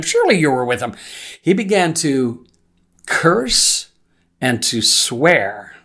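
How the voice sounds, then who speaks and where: A man in a mid-range voice preaches through a passage, reading scripture aloud and then explaining it in an easy, conversational way. He talks like a teacher, with pauses and small fillers as he thinks. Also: medium pitch, a bit bright. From United States. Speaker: pastor. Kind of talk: expository sermon.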